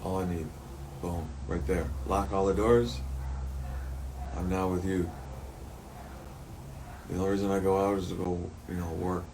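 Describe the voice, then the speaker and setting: A man's voice: sits low, fairly even intonation, unhurried, pauses often, background noise. A man talking through a rambling personal monologue, swearing often and turning heated and emotional at times.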